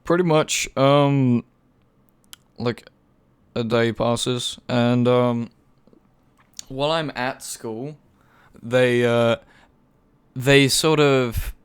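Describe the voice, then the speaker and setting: Young english guy rambling through a story, um and uh everywhere, swears a lot, smooth clean voice. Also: mid-range voice, steady tone, extremely slow, long pauses. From England. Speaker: podcast co-host. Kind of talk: casual chat, storytelling.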